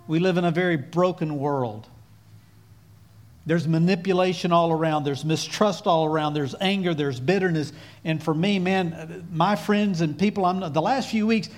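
A man preaching a sermon in an earnest, exhorting way, calling on his listeners to repeat lines after him. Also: sits high.

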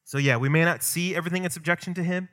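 Male pastor, sermon, bright forceful tone, slightly high voice, emphatic, chatty asides. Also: very fast. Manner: emphatic, rising and dropping to quiet for stress; conversational with asides and light humor.

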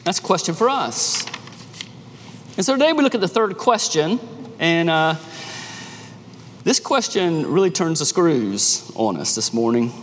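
Lively preacher in a reverberant hall. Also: male voice, on the high side, a little slow, pauses often, slight background noise. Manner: animated preaching with sudden rises and drops. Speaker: pastor. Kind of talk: sermon.

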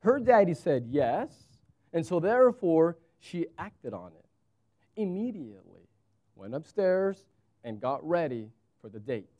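Animated preaching man, higher voice. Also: unhurried, dull audio. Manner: animated storytelling with wide pitch swings. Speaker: pastor. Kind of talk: sermon.

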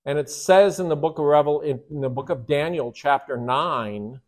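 A man with a slightly high voice speaks at a moderate pace. He's teaching a Bible study lesson in an emphatic, conversational style, frequently checking in with rhetorical questions and fielding questions from the class.

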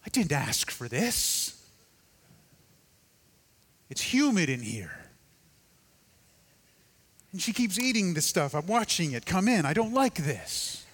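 A man's voice: high voice, big pitch swings, slow, pauses often, a bit bright, slightly rough, heavily acted. A man voicing a complaining unborn baby in the womb, recorded with long hall reverb. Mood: indignant. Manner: whiny complaining.

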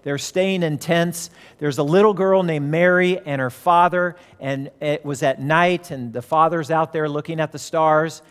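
A man's voice: on the high side, fairly even intonation, a little slow, few pauses, fairly bright tone, smooth. Pastor guy preaching, tells stories and does the voices, echoey church hall. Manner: storytelling, acts out quoted voices. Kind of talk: sermon.

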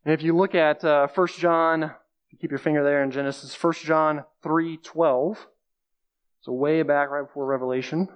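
A man's voice: fairly high pitch, fairly even intonation, normal speed, clear, resonant tone, muffled recording. A man giving a conversational sermon, explaining scripture plainly and repeating key phrases for emphasis. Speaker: preacher.

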